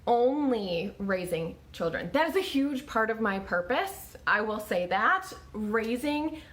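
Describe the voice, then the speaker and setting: A woman's voice: fairly high pitch, sing-song, takes it slowly, a bit bright. A woman in her thirties telling her own story to camera in a casual, conversational way, with many fillers. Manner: conversational, lots of "like" and restarts.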